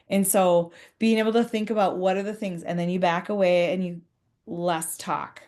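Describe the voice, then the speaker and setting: A woman's voice: on the low side, little pitch movement, normal speed, darkish tone. A woman giving a conversational professional development talk to school leaders, earnest, acting out short example dialogues.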